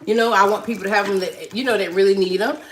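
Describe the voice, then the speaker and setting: A woman's voice: mid-range voice, steady tone, fast talker, low-quality recording. Woman, thirties, chatty livestream host, laughs a lot, phone mic, clicking noise in the background. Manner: chatty, laughs often, reads viewer comments aloud. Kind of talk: casual livestream chat.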